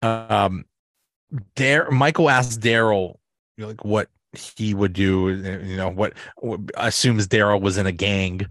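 A man's voice: on the low side, fairly even intonation, measured pace, a bit bright, no echo, studio quality. A man hosting a podcast, recapping TV episodes in a casual, rambling way with lots of fillers and restarts. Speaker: podcast host.

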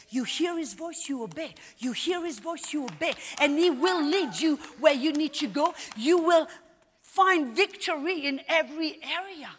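A woman's voice: high voice, a bit bright, in a large hall. A woman Bible teacher preaching a sermon at a live event. She speaks emphatically and repeats her phrases with rising force. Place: large hall at a live event.

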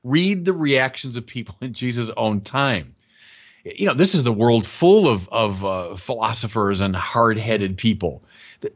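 A man preaching a sermon in a conversational, emphatic teaching manner, often speaking straight to his listeners. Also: medium pitch.

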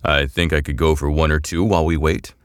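A man voicing a huge, genial ex-athlete crewman in a hearty, booming manner, in an audiobook. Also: little pitch movement, fairly quick, smooth, no room sound, clean studio sound.

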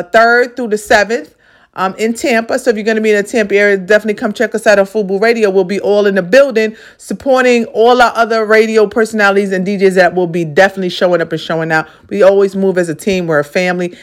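A woman's voice: mid-range voice, steady tone, fast. A woman hosting a podcast, giving a motivational monologue in an emphatic, repetitive, profane, preacherly way. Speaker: podcast host.

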